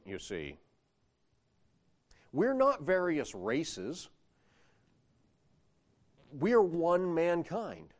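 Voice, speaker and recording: A man delivers a sermon in an animated way, his pitch swinging widely as he drives home each point. He reads scripture aloud and builds to stressed phrases before dropping back down. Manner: animated preaching with rising emphasis, reading scripture aloud. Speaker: preacher.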